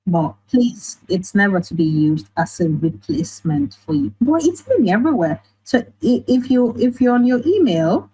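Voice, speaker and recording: A woman with a Nigerian accent, an online teacher and writer talking in a casual interview, animated and quick to act out the voices she quotes. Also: fairly high pitch, breathy edge, low-quality recording. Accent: Nigerian English. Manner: animated, often laughing, acts out quoted voices.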